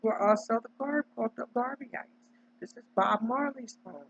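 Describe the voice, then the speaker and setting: A woman's voice: a little high, moderate pace, gravelly, a little hiss or hum. A woman from Delaware giving an emphatic, preachy casual monologue, tagging her points with "right?". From Delaware, United States. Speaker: vlogger. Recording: dull lo-fi audio.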